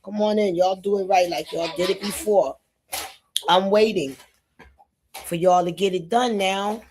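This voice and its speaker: A woman from New York hosting a casual live stream, talking straight to her viewers in a lively way. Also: on the low side, moderate pace, a little hiss or hum. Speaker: livestream host. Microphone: phone or computer mic.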